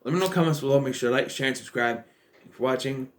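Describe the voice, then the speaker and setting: A man's voice: mid-range voice, racing. A young man rambling through a casual film review, often correcting himself and acting out lines from the movie. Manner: rambling, self-correcting, acts out quoted lines.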